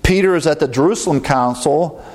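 A man's voice: on the high side, brisk, a little mellow. A man from the American Midwest preaching a sermon in a conversational way, often laughing at his own jokes. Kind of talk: sermon with humor.

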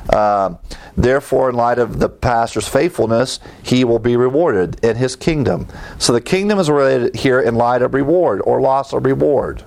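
A man preaches a sermon in a mid-pitched voice. He moves from steady explanation into emphatic, rising calls and stops to quiz his listeners with fill-in questions. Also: moderate pace, vocal fry. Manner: builds from teaching tone to emphatic, rising exhortation; asks the congregation fill-in questions. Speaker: pastor.

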